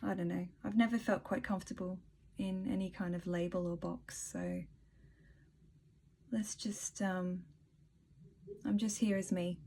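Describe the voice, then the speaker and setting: A woman talking casually in a spiritual vlog, soft-spoken and rambling, laughing often and reading a short piece aloud. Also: fairly low pitch, unhurried, pauses often, a little hiss or hum. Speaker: spiritual vlogger.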